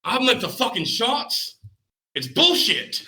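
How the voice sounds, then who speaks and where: A man's voice: extremely high pitch, wildly swooping pitch, takes it slowly, pushed and bright, roomy sound, pitched above the performer's own voice, full character voice. A man putting on a British accent to voice a jealous, foul-mouthed male special forces leader. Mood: resentful. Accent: put-on British. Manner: profane, resentful griping.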